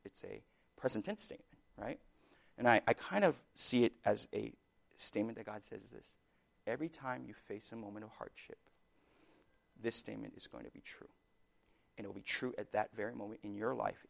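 A man with a low, gravelly voice preaches an earnest sermon. He talks in a halting way, restarts often and swings from soft passages to sudden loud bursts.

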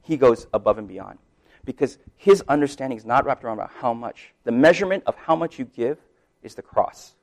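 A man preaching a sermon as pastor, casual and conversational, often checking in with "right?" and laughing, swinging between soft and emphatic delivery. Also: mid-range voice, animated, brisk, vocal fry.

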